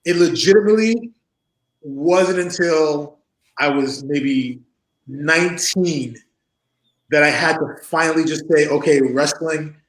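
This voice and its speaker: A man's voice: a little high, slow, reverberant, poor audio. A man in his forties, a former wrestler, telling stories in a casual interview, laughing often and acting out other people's voices. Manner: animated storyteller, acts out voices, laughs often.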